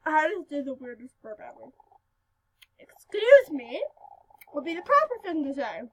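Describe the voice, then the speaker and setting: A female speaker giving casual gameplay commentary, giggly and excitable, breaking into sudden loud outbursts. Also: high voice, fast, rough recording. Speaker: gaming video host.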